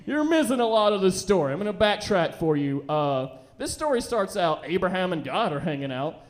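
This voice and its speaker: A young man doing a rambling, profane stand-up set in a comedy club, slipping into quick voices for the people in his stories. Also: high voice, big pitch swings.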